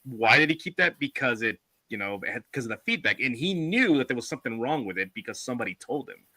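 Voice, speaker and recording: A man hosting a podcast in casual chat, telling stories in an animated way and swearing freely. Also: mid-range voice, fast, no echo. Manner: animated storyteller, acts out quotes in put-on voices; swears casually, many fillers. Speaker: podcast host.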